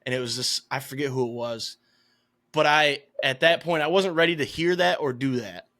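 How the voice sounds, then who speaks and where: A young man with a Michigan accent co-hosting a sports podcast, telling long rambling stories in casual chat, swearing freely and getting louder as he vents. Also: normal speed. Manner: rambling storytelling, swears freely, gets louder and higher when worked up. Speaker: podcast co-host.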